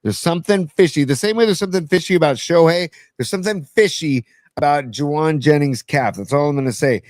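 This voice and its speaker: A man's voice: fairly high pitch, brisk, a little mellow, dry recording. A middle-aged man co-hosting a casual sports and music podcast, enthusiastic and loose, often calling people dude. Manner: enthusiastic, says dude a lot. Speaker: podcast co-host.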